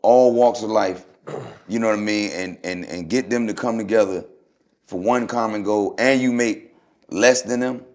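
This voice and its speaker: A man, a former basketball player, telling stories in a relaxed, slangy podcast chat that turns animated. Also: lowish voice, normal speed. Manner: laid-back storytelling, loose slangy speech, animated when retelling.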